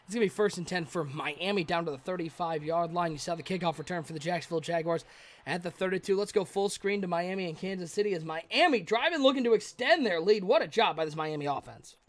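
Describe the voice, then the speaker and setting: Guy calling video game football live, talks super fast, kinda high voice, gets hyped on big plays. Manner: rapid, excitable calls that rise on big plays; chats with the live chat between plays. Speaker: play-by-play commentator.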